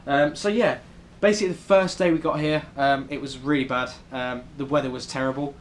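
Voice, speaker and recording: A man's voice: mid-range voice, fairly even intonation, a little fast, a little hiss or hum. Chatty young British man vlogging. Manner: chatty, many ums, rambling. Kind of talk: casual travel vlog. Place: hotel room in New York City.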